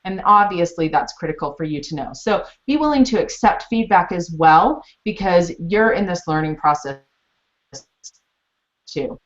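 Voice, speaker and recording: A woman's voice: lowish voice, moderate pace. A woman presenting a teaching webinar, explaining steps in a chatty, storytelling way. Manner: chatty storytelling, animated retellings. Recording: muffled lo-fi webinar audio.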